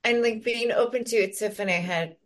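A woman's voice: a little high, a little fast. A woman co-hosting a podcast, talking reflectively and casually, often acting out her own inner voice. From Ireland. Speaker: podcast co-host.

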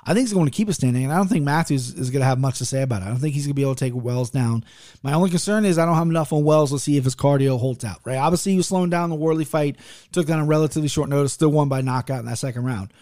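Rapid-fire and fairly high-pitched yet mellow, a man rattles off casual fight-betting picks, cursing liberally and constantly interrupting himself in a restless ramble. The sound is clean studio audio with no echo.

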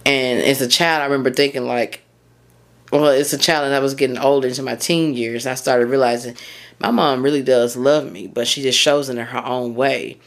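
A woman's voice: very deep voice, normal speed. A woman, hosting a solo podcast and talking in a candid, rambling way that often circles back and corrects itself. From Tennessee, US. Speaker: podcast host.

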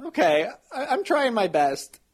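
A man playing a timid, slow-talking male deputy mayor in an improvised comedy, meek and eager to please. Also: very high voice, huge pitch swings, husky, heavily acted. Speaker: improv guest.

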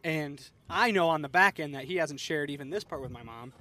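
A podcast host with a slightly high male voice chats casually. He teases a friend through quick, story-driven banter. He is recorded outdoors on a boat on a lake. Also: expressive, bright, forceful tone, a little hiss or hum. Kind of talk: casual chat.

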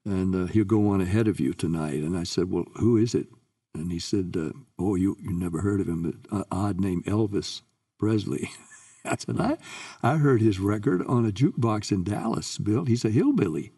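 An older man, a guest singer, telling lively anecdotes in an interview and acting out the voices he quotes. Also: low-pitched, normal speed, slightly rough, recorded from a distance.

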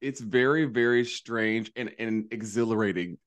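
A man's voice: fairly low pitch, normal speed. A man co-hosting a podcast with sassy, campy banter in casual chat. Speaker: podcast co-host.

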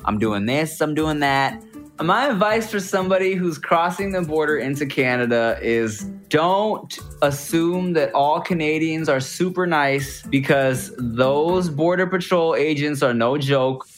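A male comedian telling a story in an animated, rambling, self-mocking way. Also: a little high, measured pace, hardly any pauses, soft background music. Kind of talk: comic storytelling.

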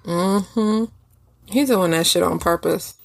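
A woman's voice: lowish voice, slow, vocal fry. A woman co-hosting a podcast, adding petty, profane commentary in casual chat. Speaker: podcast co-host.

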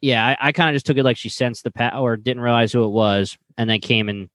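A man's voice: medium pitch, fast talker, fairly bright tone, no room sound. A man co-hosting a casual podcast, thinking aloud and hesitant as he explains his take. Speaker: podcast co-host. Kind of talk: casual chat about a TV show.

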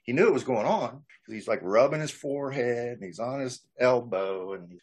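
A man's voice: medium pitch, animated, moderate pace, breathy edge. A man in a casual chat, talking bluntly and with profanity about being picked on at school. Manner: blunt and profane, laughs along.

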